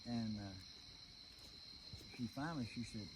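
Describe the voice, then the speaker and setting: An older man from Georgia tells folksy stories in a relaxed Southern drawl at a mid pitch. Steady outdoor noise and insects hum behind him. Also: a little slow. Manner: folksy, easygoing storyteller. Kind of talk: casual chat. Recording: noisy outdoor recording.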